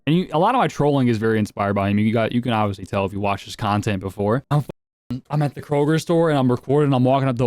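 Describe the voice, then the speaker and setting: A man's voice: mid-range voice, darkish tone, no room sound, studio quality. Profane young man telling prank stories. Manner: crude, profane, laughing at his own pranks. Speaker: commentator. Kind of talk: casual storytelling.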